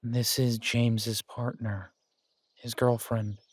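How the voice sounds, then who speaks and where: A man voicing a weary, earnest young male thief who speaks low and quietly. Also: flat delivery, slow, slightly rough, no room sound. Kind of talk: audio drama acting.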